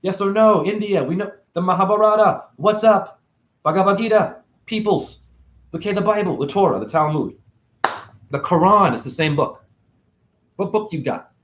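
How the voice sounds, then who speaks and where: A man with a fairly high voice delivers a meandering spiritual monologue, leaping between ideas and talking in circles. He swears casually as he goes. The sound bounces around a reverberant room. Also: moderate pace, a bit bright, slight background noise. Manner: rambling, talks in circles, swears. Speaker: spiritual video creator. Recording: echoey room.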